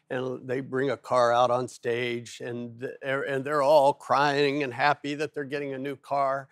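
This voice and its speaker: A man preaching a sermon as pastor, telling stories in an animated way with playful asides. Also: medium pitch, unhurried, few pauses, dry recording, clean studio sound.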